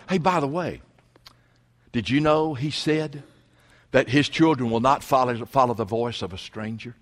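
Male pastor, slightly high voice, preaching in a church with long reverb; loud on scripture, quiet on asides. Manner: preaching, swings between loud scripture quotes and hushed asides. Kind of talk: sermon. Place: church sanctuary.

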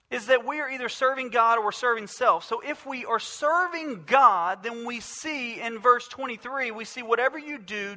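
Male pastor, sermon, high voice, emphatic, rhetorical questions, church hall reverb. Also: bright, forceful tone. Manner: emphatic preaching with repeated phrases and rhetorical questions.

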